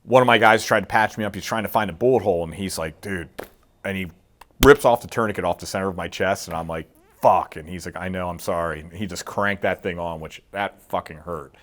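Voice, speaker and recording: Middle-aged guy with a lowish voice telling a war story, acts out quotes, swears a lot. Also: fast talker, fairly bright tone. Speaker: guest, military veteran. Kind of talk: casual storytelling interview.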